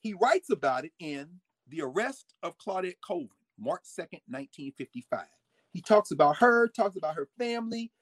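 A man giving a lively history lecture with folksy asides, swinging his volume up and down. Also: high voice, moderate pace, no echo. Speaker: history teacher. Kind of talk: lively history lecture with read-aloud quotes.

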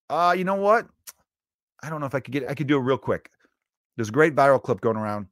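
A man's voice: medium pitch, dry recording, clean studio sound. A young man hosting a solo podcast, talking casually and bluntly, with plenty of swearing as he tells a story. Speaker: podcast host.

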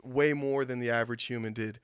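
A man's voice: mid-range voice, steady tone, fairly quick, smooth, dry recording, clean studio sound. A young man in casual podcast chat, telling stories in a laid-back way with lots of fillers and the odd swear word. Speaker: podcast guest.

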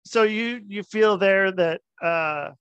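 A man hosts a podcast, talking very slowly and haltingly as he gropes for words, in a slightly high voice. The sound is dry and close, with a dull lo-fi quality. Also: a bit bright, clear, resonant tone, no echo. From United States. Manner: halting, searching for words, many fillers. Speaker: podcast host. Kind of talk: casual interview conversation.

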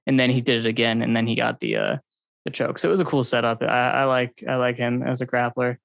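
A man's voice: mid-range voice, little pitch movement, fast talker, gravelly, no room sound. A man co-hosting a podcast, breaking down fights in a loose, rambling way full of ums and likes. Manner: rambling, hedging, filler-heavy analysis. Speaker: podcast co-host. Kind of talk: casual podcast chat.

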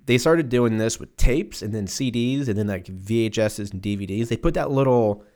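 A man's voice: on the low side, normal speed, darkish tone. A man in his twenties rambling alone on his podcast, swearing freely and slipping into silly exaggerated voices, recorded at home. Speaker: podcast host. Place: room at home with windows open.

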